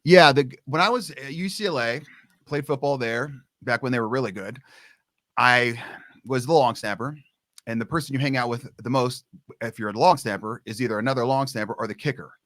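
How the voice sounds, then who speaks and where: A middle-aged man, a long snapping coach, telling his story as a guest in a casual interview, lively and playing out the dialogue as he goes. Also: medium pitch, a little fast, no room sound, clean studio sound. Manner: lively storyteller who acts out quoted dialogue.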